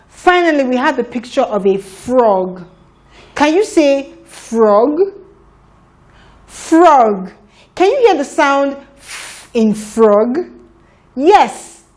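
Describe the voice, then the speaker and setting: A woman leads a phonics lesson for young children. Her voice sits a little high, and she speaks very slowly. She sounds out each letter with deliberate care. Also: darkish tone. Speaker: phonics teacher.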